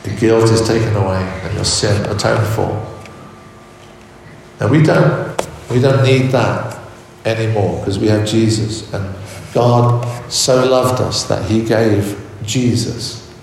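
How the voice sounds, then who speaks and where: A man preaching a sermon in a measured way, often repeating words as he searches for the next phrase. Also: medium pitch, a little mellow, slight background noise. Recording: echoey hall, voice from far off.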